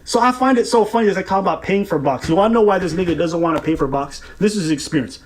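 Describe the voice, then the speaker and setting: Fast, mocking man reacting on a show. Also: high voice. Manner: animated, mocking, profane, laughs at his targets. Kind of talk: heated reaction commentary.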